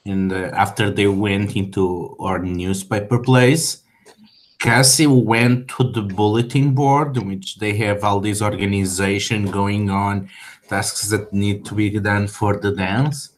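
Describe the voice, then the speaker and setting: A man playing a tabletop game, describing his character in a measured way. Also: lowish voice, flat delivery. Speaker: player. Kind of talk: narrating his character's actions.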